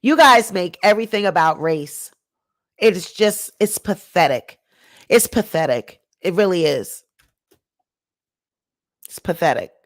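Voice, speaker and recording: A woman giving an indignant ranting commentary to her viewers, repeating her points emphatically and swinging between sharp exclamations and low muttering. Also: expressive, unhurried, pauses often. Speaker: commentary YouTuber.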